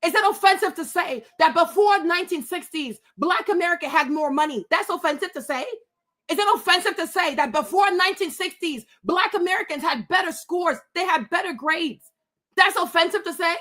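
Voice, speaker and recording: A woman's voice: very high-pitched, fairly quick, fairly bright tone. A woman hosting a livestream, ranting indignantly, swearing and repeating rhetorical questions, speaking to her webcam. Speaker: livestream host. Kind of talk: heated livestream rant.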